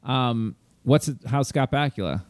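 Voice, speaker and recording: A man hosting a casual interview, giving brief reactions and quick questions. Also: medium pitch, animated, slight background noise. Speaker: podcast host.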